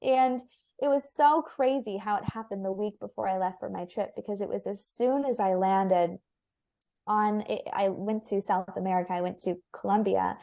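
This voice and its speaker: A woman's voice: medium pitch, normal speed, mellow. Candid young woman telling a personal story. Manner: earnest and candid, many filler "likes". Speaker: guest.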